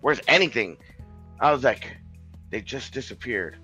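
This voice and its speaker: A man's voice: mid-range voice, expressive, a little slow, sharp tone, breathy edge, soft background music, rough recording. A man telling a long story in a casual podcast chat, rambling, swearing and restarting his sentences.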